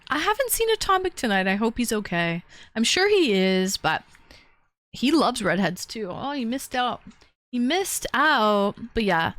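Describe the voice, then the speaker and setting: Unhurried woman streamer, dry close sound. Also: a bit bright, no echo. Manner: chatty, coos at her dogs in a high baby voice; talks to her chat, with profanity. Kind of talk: casual live-stream chat.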